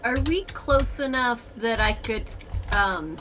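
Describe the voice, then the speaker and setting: A woman's voice: on the high side, lively intonation, slow pace, noisy background. A woman playing a tabletop game over voice chat, thinking aloud and asking the game master about the rules. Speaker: player. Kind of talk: casual play over voice chat.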